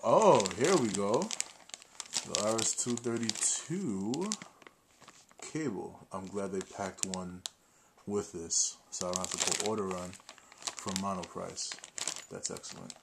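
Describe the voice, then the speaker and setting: A man's voice: lowish voice, slow, vocal fry, pauses often, very noisy. A man casually narrating an unboxing, chatty and playful, with self-mocking asides. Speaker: video host.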